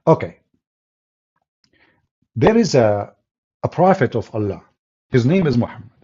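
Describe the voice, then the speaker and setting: A man's voice: medium pitch, very animated, unhurried, dark tone, husky, muffled recording. A man speaking non-native English with broken grammar, delivering mocking, emphatic religious polemic and often laughing scornfully. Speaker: religious debater.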